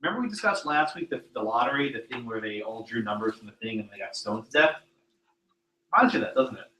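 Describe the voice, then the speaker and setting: Animated man lecturing a class. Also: mid-range voice, quick pace, husky. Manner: animated and sarcastic, asks students questions. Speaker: law professor.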